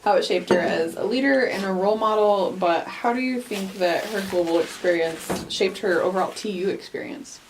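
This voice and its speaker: A woman's voice: medium pitch, moderate pace, hardly any pauses, poor audio. Friendly woman interviewer, faint background hiss. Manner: friendly, encouraging, laughs easily. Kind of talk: recorded interview.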